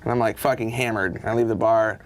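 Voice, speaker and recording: A man's voice: on the low side, fairly even intonation, brisk. A man casually telling a story about waiting at a bar, laid-back and swearing freely.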